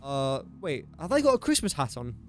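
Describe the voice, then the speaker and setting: A man's voice: mid-range voice, very animated, normal speed, a little hiss or hum. A man talking to himself in casual gameplay commentary, rambling and easily sidetracked. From England. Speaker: gaming streamer.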